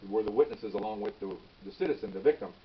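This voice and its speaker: A man doing a low, hushed police sergeant. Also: fast talker, a little hiss or hum, close to an everyday voice. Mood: calm concern. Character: kind, steady male police sergeant, middle-aged. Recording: dull, slightly distant recording.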